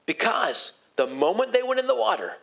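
A man's voice: high voice, very animated, normal speed, creaky, a bit bright. A male pastor preaching a sermon in a conversational way, putting questions to his congregation.

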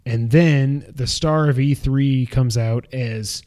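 A man's voice: mid-range voice, slow, darkish tone. A man co-hosting a casual gaming podcast, joking and rambling as he talks. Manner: jokey, rambling, laughs at himself. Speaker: podcast co-host.

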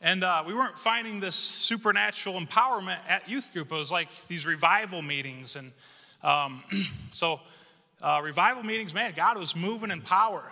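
A male pastor giving a conversational, humorous storytelling sermon in a church, animated and acting out quotes. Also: sits high, normal speed, gravelly. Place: church sanctuary. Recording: reverberant church hall.

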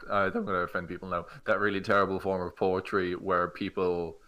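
A man's voice: sits low, flat delivery, a little fast, lo-fi sound. A man co-hosting a tabletop gaming podcast, chatting casually and rambling with many fillers. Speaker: podcast co-host. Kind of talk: casual chat.

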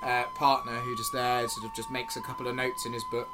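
A man's voice: mid-range voice, completely flat delivery, a little fast, music in the background. A man narrating as game master of a tabletop game, hesitant and full of fillers.

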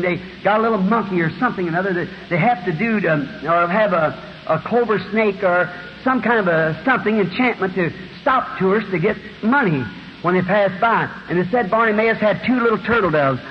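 A man preaching a fervent sermon in a large hall, now and then bursting into shouts. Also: sits high. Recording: dull echoey hall recording with faint hiss.

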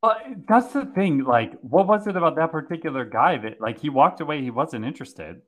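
A man's voice: on the high side, expressive, brisk, fairly bright tone. A man co-hosting a podcast, joining the recap with playful, laughing banter in casual chat. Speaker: podcast co-host.

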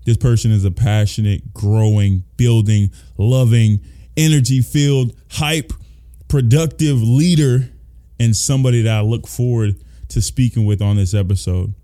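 A man's voice: mid-range voice, fairly even intonation, moderate pace, warm tone. A man hosting a podcast in casual chat, hyped and playful, talking with a lot of energy. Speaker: podcast host.

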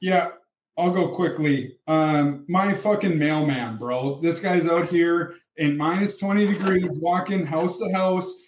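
A man's voice: on the high side, a little slow, far from the mic, slight background noise. A young man co-hosting a casual podcast, venting with heavy swearing. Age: young adult. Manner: profane, irritated venting. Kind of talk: casual chat. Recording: roomy, off-mic.

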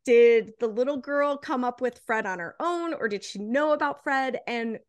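A woman's voice: on the high side, moderate pace, dry recording. A woman co-hosting a casual movie review chat while drinking. She is inquisitive and keeps posing theories and questions about the story. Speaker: podcast co-host.

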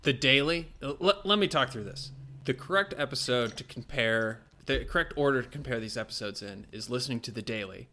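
A man's voice: medium pitch, fairly quick, bright, forceful tone, a little hiss or hum. A man co-hosting a podcast in casual chat, laying out his reasoning step by step in an earnest way. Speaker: podcast co-host.

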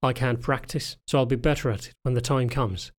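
A man reading the lines of a frightened young pregnant anthro woman in an audiobook, speaking softly and hesitantly. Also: mid-range voice, steady tone, brisk, natural voice. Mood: fearful, subdued. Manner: soft, trembling, hesitant.

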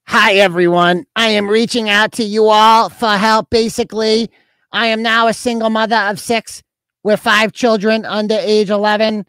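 A man's voice: sits high, little pitch movement, moderate pace, bright, forceful tone, smooth, no room sound, pitched above the performer's own voice. A man putting on a mocking voice as a whiny, pleading single mother, reading in a sing-song way.

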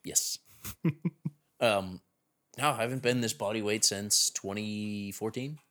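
Deep-voiced, relaxed male podcast co-host. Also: takes it slowly. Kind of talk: casual podcast chat.

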